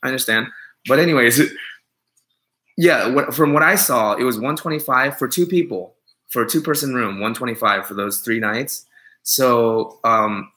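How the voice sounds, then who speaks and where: A man's voice: mid-range voice, moderate pace, pushed and bright, poor audio. A young man hosting a casual live stream, reading viewer comments and riffing on them with sarcastic, mock-offended jokes. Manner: joking, sarcastic, rambling, with mock-offended asides.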